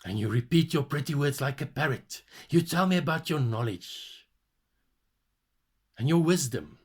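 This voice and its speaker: Man, spoken-word monologue, husky breathy tone, sweeping lively pitch, sneering theatrical drawl. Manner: slow, mocking, theatrical delivery with drawn-out words. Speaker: speaker voicing a tyrant king.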